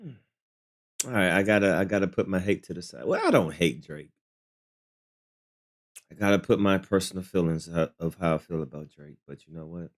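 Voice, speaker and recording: A man hosting a reaction video, calmly musing with hesitant restarts. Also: deep voice, brisk, pauses often. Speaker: host reacting to a clip. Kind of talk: reaction commentary.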